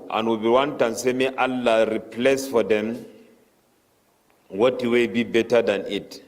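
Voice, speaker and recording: A man with a lowish, slightly mellow voice preaches a Ramadan tafseer in Cameroonian Pidgin English. He breaks up his commentary with fast chanting of Arabic verses.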